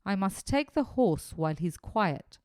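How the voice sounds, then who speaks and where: A woman voicing an eager, brave schoolboy in a storybook reading, talking in a raised, lively voice. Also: high-pitched, measured pace, smooth, no room sound, clean studio sound. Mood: earnest. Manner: excited, breathless commentary.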